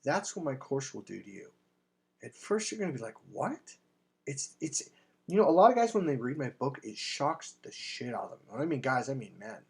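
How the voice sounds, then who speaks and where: Man, husky voice, dating coach, emphatic sales pitch, blunt, casual swearing. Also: big pitch swings, a little fast, a little mellow. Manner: acts out quoted voices in anecdotes. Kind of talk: persuasive sales monologue.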